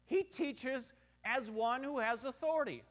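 Middle-aged guy preaching, slow and chatty, high bright voice, cracks jokes. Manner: conversational, joking, rhetorical questions. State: short on sleep. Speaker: pastor. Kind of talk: sermon.

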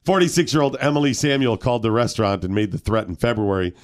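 A man co-hosting a talk radio show, trading casual banter in a mid-pitched voice with a lively, swinging melody. He reads out odd news stories and acts out little scenes in quoted voices. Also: quick pace.

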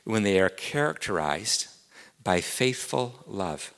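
A man's voice: lowish voice, very animated, takes it slowly, vocal fry, a bit bright, big-room sound. A man with an English accent preaching a sermon as pastor, earnest and repeating key words, climbing to emphatic peaks.

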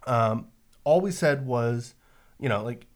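A man with a Bay Area accent, chatting as co-host of a casual podcast. He explains things in a loose, rambling way, full of "uh" and "like". His pitch sits in an ordinary middle range for a man. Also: animated, slow. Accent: San Francisco Bay Area. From San Francisco Bay Area. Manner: rambling, explains with many fillers and restarts. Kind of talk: casual chat.

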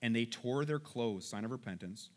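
A man preaching a sermon in a conversational, animated way, reading scripture and acting out the people in it. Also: mid-range voice, normal speed. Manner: conversational, animated, acts out quoted lines. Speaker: pastor.

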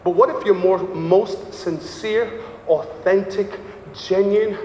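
Male pastor, high voice, preaching with fervor; recorded in a reverberant church hall. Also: fairly even intonation, takes it slowly, mellow, a little hiss or hum. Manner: passionate preaching, acts out voices of people he quotes. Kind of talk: sermon. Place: church sanctuary. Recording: echoey hall with faint ambience.

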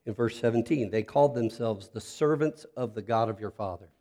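A man delivering a sermon from the pulpit in a lowish, mellow voice. He talks earnestly through the text, then softens almost to a hush when he turns to his listeners. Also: brisk. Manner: earnest, drops to soft intimate tone when appealing to listeners. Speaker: pastor.

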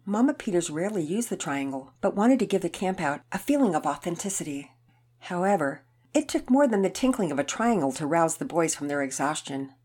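A woman narrating a children's story in an expressive reading voice. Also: on the low side, brisk, husky.

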